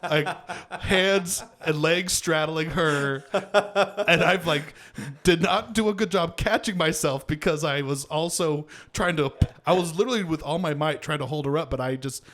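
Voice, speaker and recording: A man's voice: on the high side, moderate pace, a bit bright. A man hosting a podcast in casual chat, telling stories in a rambling way with lots of fillers and laughter. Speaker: podcast host.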